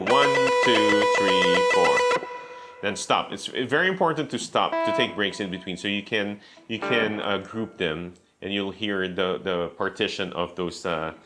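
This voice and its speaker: A man with a fairly low voice teaches a beginner guitar lesson at a patient, steady pace. He explains each step, counts beats aloud and checks in with an okay. Loud guitar playing rings out behind him.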